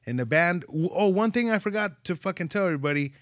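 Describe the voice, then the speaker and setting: A male podcast host, spinning profane, animated stories in casual chat. His voice sits a little high for a man, and the sound is close and dry, with no room around it. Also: quick pace, no room sound. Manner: profane, animated storyteller acting out dialogue.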